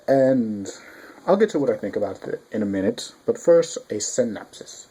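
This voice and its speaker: Rambling, excitable young man reviewing manga. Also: mid-range voice, normal speed, husky. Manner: rambling and excitable, with frequent restarts and swearing. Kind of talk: casual spoken review.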